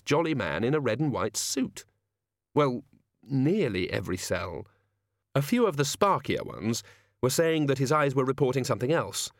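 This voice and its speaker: Expressive male audiobook narrator. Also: medium pitch, no room sound, clean studio sound. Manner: wry, expressive storytelling.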